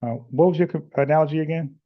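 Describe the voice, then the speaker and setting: A man's voice: a little high, fairly even intonation, fast talker. Blunt argumentative man on a muffled stream. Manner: blunt, argumentative, lots of "like" and restarts. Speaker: podcast host taking callers. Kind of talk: casual live-stream chat with callers. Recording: muffled lo-fi audio.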